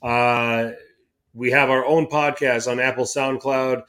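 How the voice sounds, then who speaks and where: A man co-hosting a casual soccer podcast, relaxed and a little worn out as he wraps up with plugs. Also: mid-range voice, slow. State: tired. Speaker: podcast co-host. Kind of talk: casual sports podcast chat.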